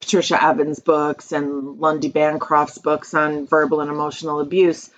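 A middle-aged woman with a low voice talks through a casual podcast chat, steady and reflective, now and then restarting a thought. The recording sounds dull and lo-fi, with a faint hiss behind her. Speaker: podcast host.

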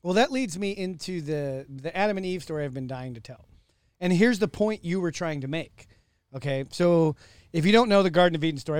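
A man's voice: fairly high pitch, no echo, clean studio sound. A man co-hosting a casual podcast, swearing freely and retelling stories with acted-out quotes. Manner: profane, animated storytelling with acted-out quotes. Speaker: podcast co-host.

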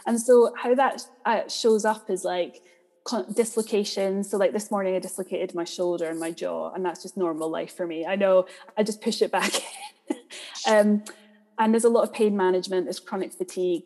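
A woman's voice: lowish voice, fairly even intonation, normal speed, dark tone. A woman speaking candidly and reflectively as a podcast guest, thinking aloud with frequent ums. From Scotland. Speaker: guest, theatre director. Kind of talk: podcast interview. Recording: long hall reverb.

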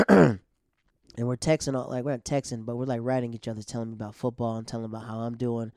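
A man in his thirties telling a personal story in a loose, rambling way, full of slang fillers, dropping his voice to a hush for quoted lines. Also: mid-range voice, level tone, fairly quick, dry recording, clean studio sound.

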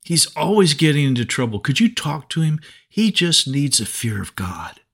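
A man voicing a frustrated young mother pleading with a priest, in a higher, hurried voice. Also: very animated, fairly bright tone, husky, exaggerated voice. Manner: pleading, breathless.

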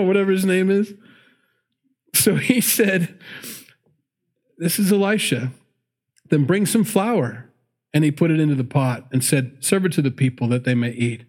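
A man's voice: a little high, unhurried, pauses often, a little mellow. A man teaching through a Bible passage in a conversational sermon, laughing often and acting out the people in the story. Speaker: pastor.

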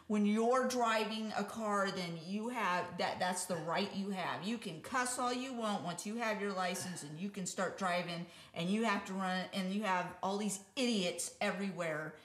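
A woman's voice: mid-range voice, normal speed, few pauses, a bit bright. A woman in her forties co-hosting a podcast, chatting casually and telling candid stories with laughs. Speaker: podcast co-host. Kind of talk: casual chat. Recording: roomy echo.

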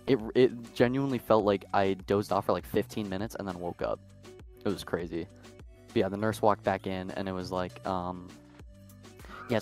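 A young man co-hosting a podcast, telling a long story in a casual, rambling way full of fillers. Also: lowish voice. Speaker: podcast co-host.

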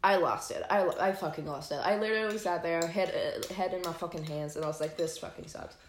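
A young woman hosting, telling a personal story casually, animated and full of fillers and swearing. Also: lowish voice, quick pace. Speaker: host. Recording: echoey room.

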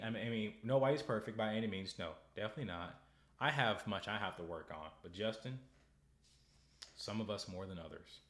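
A young American man hosting political commentary, ranting in a sarcastic, heated way with loud bursts and halting restarts. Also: lowish voice, echoey room. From United States. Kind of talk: casual commentary, ranting to camera.

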